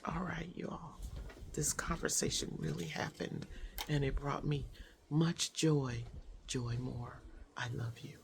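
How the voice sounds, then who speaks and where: A woman's voice: very deep voice, slow pace, vocal fry, a little hiss or hum. A woman hosting a personal vlog, speaking in an effusive, emotional way with many fillers. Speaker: host. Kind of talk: heartfelt personal vlog chat.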